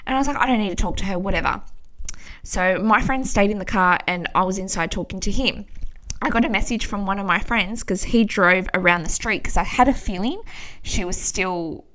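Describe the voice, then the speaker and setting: A young woman recounting a personal story in a loose, chatty way. She swears freely and performs everyone's lines as she tells it. Her voice sits at an ordinary middle pitch. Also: normal speed. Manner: animated, swears often, acts out quoted dialogue. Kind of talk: casual storytime.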